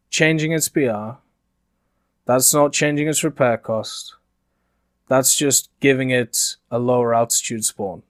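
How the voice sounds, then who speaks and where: A man with a softened middle-class British accent talks through a gaming commentary in a loose, rambling way, leaning on "uh" as he thinks. His voice sits in an ordinary middle range. The recording is close and dry, with no room sound. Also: mid-range voice, no room sound. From Yorkshire, England. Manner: conversational and rambling, frequent uh fillers. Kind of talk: casual spoken commentary.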